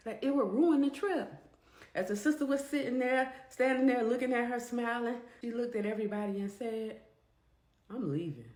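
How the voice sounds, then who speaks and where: A woman narrating a storytime vlog in an animated, conversational way. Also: on the high side, a little fast. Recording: echoey room.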